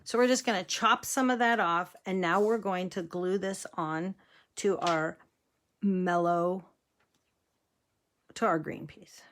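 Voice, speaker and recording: A woman's voice: lowish voice, fairly even intonation, slow pace, long pauses, a bit bright, a little hiss or hum. A woman demonstrating card making in a casual, chatty way, wandering off into stories and laughing easily. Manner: chatty, rambling storyteller who laughs easily. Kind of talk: casual crafting tutorial chat.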